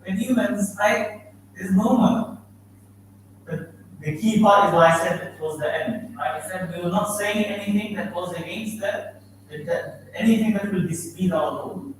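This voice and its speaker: A man's voice: sits high, normal speed. Man, preacher, quizzes listeners, recites Arabic, very reverberant room, faint hiss. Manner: asks the audience questions, quotes Arabic verses. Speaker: imam giving a talk. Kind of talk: interactive Islamic lecture. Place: mosque hall. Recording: very echoey hall from far off.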